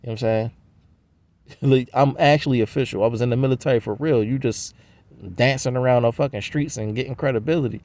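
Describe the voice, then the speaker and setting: A man's voice: mid-range voice, fairly quick, darkish tone, dry recording. A man rambling in a profane, slangy casual monologue. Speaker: vlogger.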